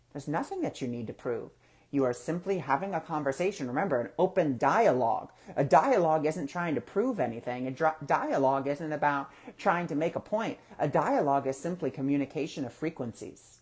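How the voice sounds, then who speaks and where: A man hosting a relaxed spiritual talk show, speaking in an easygoing, conversational way. He poses rhetorical questions to his listeners and acts out his own thoughts as he goes. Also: fairly high pitch, breathy edge. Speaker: host of a spiritual discussion.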